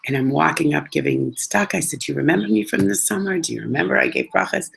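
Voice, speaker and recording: A woman casually telling a personal story in an animated, chatty way, dropping in Hebrew religious words. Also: low-pitched, fast talker, vocal fry, background noise.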